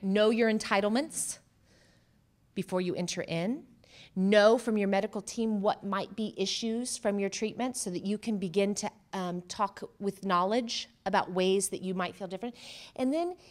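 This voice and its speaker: A woman with a mid-range voice gives a workshop talk as a psychotherapist. She speaks conversationally and puts questions to the audience. She animates her delivery by acting out the things people say. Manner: animated, acting out quoted remarks with jumps in pitch and loudness. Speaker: cancer psychotherapist.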